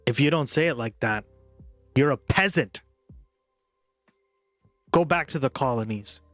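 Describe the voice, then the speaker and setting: A man's voice: mid-range voice, unhurried, fairly bright tone, no echo, soft background music. Rambling man streamer chatting casually. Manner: rambling, full of "like" and "right?". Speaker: livestreamer. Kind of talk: casual chat with viewers.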